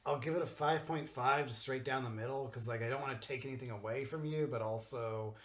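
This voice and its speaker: A man's voice: medium pitch, fairly quick, fairly bright tone, slight background noise. A man co-hosting a casual podcast, rambling through his explanations with lots of "like". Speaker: podcast co-host. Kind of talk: casual group chat. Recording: roomy echo.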